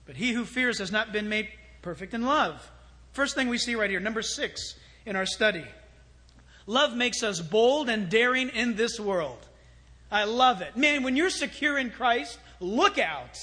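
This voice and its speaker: Preaching a sermon, this man speaks in a very high voice without hurrying. His animated delivery moves from loud exclamations into quiet, hushed storytelling.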